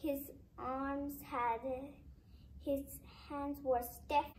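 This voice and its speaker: A woman's voice: high-pitched, level tone, extremely slow, slight background noise, poor audio. A woman telling a simple fable to listeners, hesitant, with restarts and chatty asides. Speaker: storyteller. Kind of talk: reading a fable aloud.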